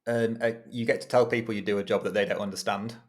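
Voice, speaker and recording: A man speaks in a low, fairly flat voice. He is a podcast guest chatting casually and self-deprecatingly about his freelance work, laughing easily along the way. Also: quick pace.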